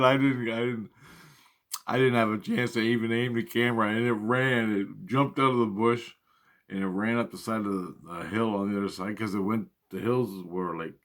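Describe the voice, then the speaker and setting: A man telling a personal story in a casual, rambling way, with lots of swearing and repeated phrases. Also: fairly low pitch. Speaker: storyteller recounting personal experiences.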